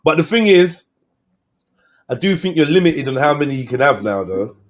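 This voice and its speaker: A man, hosting a live stream and chatting casually with slang and shout-outs to viewers. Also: fairly high pitch, big pitch swings, moderate pace. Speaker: livestream host.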